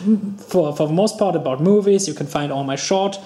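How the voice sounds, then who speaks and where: A man with a German accent hosting a casual podcast chat, halting with many restarts. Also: on the high side, mellow, roomy sound. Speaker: podcast host.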